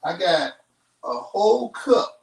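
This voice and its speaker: A man's voice: high voice, very animated, slow pace, gravelly, distant mic. A man hosting a live cooking show, talking folksy and chatty straight to his viewers. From Chicago. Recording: roomy kitchen, off-mic.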